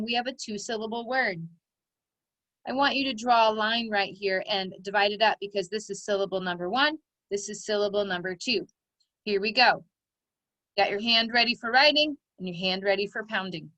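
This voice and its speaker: A woman's voice: mid-range voice, sharp tone, no echo. A woman teaching phonics, patiently dictating words and stretching out their sounds for young children. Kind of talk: slow, clear teaching dictation.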